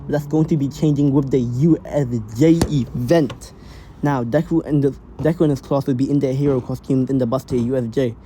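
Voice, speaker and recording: A man casually improvising a fan-fiction story out loud, rambling with lots of fillers and restarts. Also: medium pitch, fairly even intonation, a little fast, a little hiss or hum, low-quality recording.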